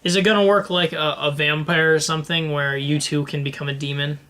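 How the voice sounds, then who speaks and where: Bright-voiced young man in casual banter. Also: on the high side, steady tone. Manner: halting, many restarts and fillers. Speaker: podcast co-host. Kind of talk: casual comedic chat.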